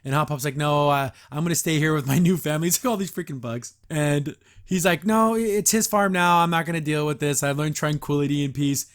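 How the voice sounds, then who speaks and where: A man's voice: fairly high pitch, a little fast. A man hosting a casual episode review, rambling with lots of fillers and frequent laughs. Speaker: show reviewer and podcast host.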